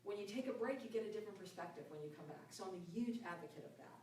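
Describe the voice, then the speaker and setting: A woman giving an earnest, reflective self-help talk about finding peace, her voice often dropping soft and low. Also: animated, racing, slight background noise. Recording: echoey room from a distance, faint ambience.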